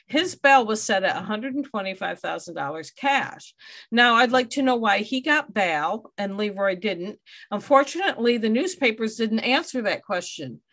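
A woman's voice: fairly high pitch, animated, moderate pace, fairly bright tone. A woman hosting a true crime podcast, reading out case details and adding wry asides. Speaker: podcast host.

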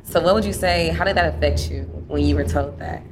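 Low-voiced woman with a Southern accent. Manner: hesitant, halting phrasing. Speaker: interviewer. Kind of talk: casual interview question. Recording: background noise.

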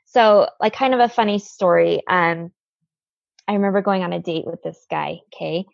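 A woman's voice: on the low side, moderate pace, creaky, no room sound, lo-fi sound. A woman guest telling a personal story in an interview, earnest, with lots of "like" fillers.

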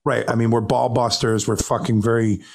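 Ex-radio guy from syracuse doing the interview, swears a lot, chatty, average pitch. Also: level tone, normal speed, vocal fry, darkish tone. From Syracuse, New York. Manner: blunt, swearing, talkative. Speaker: interviewer, former radio host. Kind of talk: casual interview chat.

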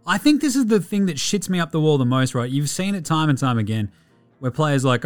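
A fired-up Australian man rants about the day's games, swearing freely and mocking his targets. His voice sits a little high for a man, with faint music under it. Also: big pitch swings, a little fast. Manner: ranting, profane, mocking. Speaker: podcast host. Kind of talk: casual sports commentary.

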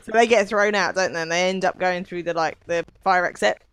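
A woman's voice: lowish voice, a little fast, fairly bright tone, smooth, no echo, low-quality recording. A British woman co-hosting a podcast, chatting casually and ending remarks with tag questions. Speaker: podcast co-host. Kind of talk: casual chat recapping a show.

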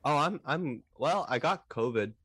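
A man on a podcast panel, talking in a relaxed, rambling way. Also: on the high side, measured pace, breathy edge, no echo, clean studio sound. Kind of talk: casual panel chat.

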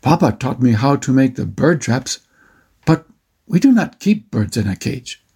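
Man doing a friendly village boy, careful formal phrasing, gravelly husky voice, storybook. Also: medium pitch, sing-song, measured pace, mellow, full character voice.

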